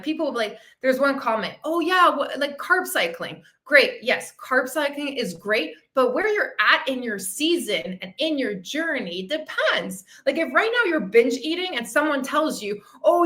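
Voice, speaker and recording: A woman's voice: sits high, pushed and bright. A woman fitness coach hosting a casual livestream chat, effusive and emotional, laughing often and swearing freely. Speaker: fitness coach and podcast host.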